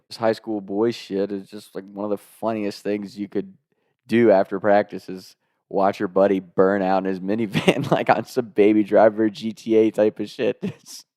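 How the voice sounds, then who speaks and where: A man's voice: on the low side, warm tone, no echo, studio quality. A young man telling a casual, comic anecdote, laughing often through his own story and swearing freely.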